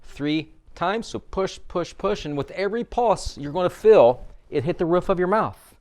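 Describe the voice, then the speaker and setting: A man's voice: sits high, lively intonation, moderate pace, darkish tone. Upbeat male vocal coach leading exercises. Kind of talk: instructional vocal warmup.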